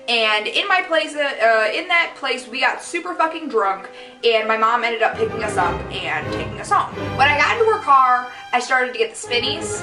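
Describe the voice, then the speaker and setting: A woman's voice: fairly high pitch, sharp tone, roomy sound, far from the mic, rough recording. A young woman vlogger telling embarrassing stories in a rambling, profane, self-mocking way. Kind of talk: casual storytelling vlog.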